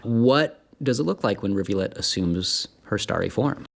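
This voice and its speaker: A man's voice: on the low side, expressive, normal speed, vocal fry. Chatty man running a tabletop game. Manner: loose and chatty, with lots of fillers and laughs. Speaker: dungeon master.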